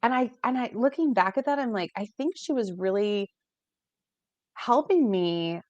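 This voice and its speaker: A woman's voice: on the high side, animated, normal speed, a little mellow, no echo, muffled recording. An American woman in casual conversation, talking animatedly and acting out quoted dialogue, heard over a video call. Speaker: guest life coach. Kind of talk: casual chat.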